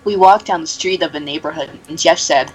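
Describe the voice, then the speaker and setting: A woman's voice: low-pitched, a little hiss or hum, low-quality recording. A young woman mockingly reading fanfiction aloud, giggling and adding sarcastic asides. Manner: reads slowly, breaks into giggles and sarcastic asides. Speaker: reader.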